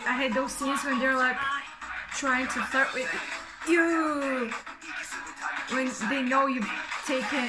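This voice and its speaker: A young woman from Bulgaria in her twenties, hosting a music video reaction with gushing, swooning exclamations. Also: on the high side. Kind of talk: excited reaction commentary. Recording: loud music playing behind voice. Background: loud pop music.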